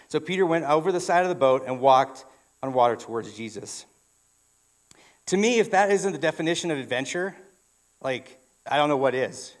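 A man's voice: a little high, expressive, normal speed. A man preaching a sermon in a church, telling a story in a conversational way with frequent restarts. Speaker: pastor.

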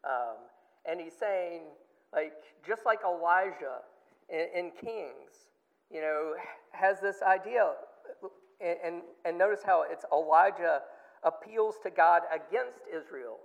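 A man's voice: sits high, takes it slowly, gravelly. A man teaching a Bible study in a chatty, emphatic way, with lots of fillers and restarts. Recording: dull lo-fi sound with long reverb.

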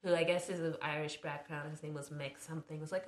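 A woman's voice: low voice, level tone, quick pace, reverberant. A woman in her twenties, a guest in a casual conversation, who chats with many fillers and laughs often. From United States. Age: 20s.

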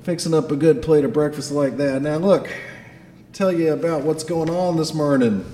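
A man voicing a gruff, bossy middle-aged male dwarf with a put-on Scottish accent, talking loudly and swearing. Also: on the high side, moderate pace, in a large hall, slight background noise, voice pushed up, lightly acted. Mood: blustering. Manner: loud, blustering, swearing.

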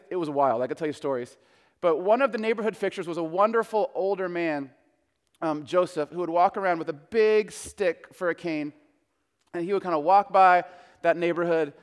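High, smooth-voiced preacher in a reverberant hall. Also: male voice. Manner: conversational storytelling preaching. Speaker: pastor. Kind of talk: sermon.

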